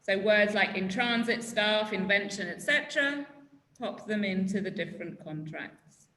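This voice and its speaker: A woman's voice: medium pitch, normal speed, bright, forceful tone, echoey room, poor audio. A woman teaching a legal English class, prompting students to fill in words and praising their answers. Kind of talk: classroom vocabulary lesson.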